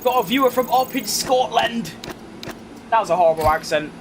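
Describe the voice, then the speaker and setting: A young London man chatting through a racing game session in a wry, joking way. His voice sits high and swings widely in pitch. Faint game engine noise hums behind him. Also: expressive, normal speed. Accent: London English. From England. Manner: chatty, reads chat aloud, wry and self-mocking. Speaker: gaming streamer. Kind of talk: casual commentary while playing.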